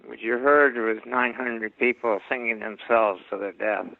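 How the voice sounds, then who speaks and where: A man's voice: mid-range voice, steady tone, a little slow, vocal fry, narrow, tinny audio, a little hiss or hum. A man who is a guest author, explaining things in a casual interview with frequent fillers.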